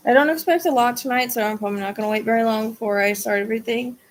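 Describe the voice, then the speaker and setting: A woman's voice: fairly high pitch, rapid-fire. A woman hosting a psychic livestream, chatting with her viewers in a casual way. She sounds tired and drained, and she rambles, restarts her sentences and trails off.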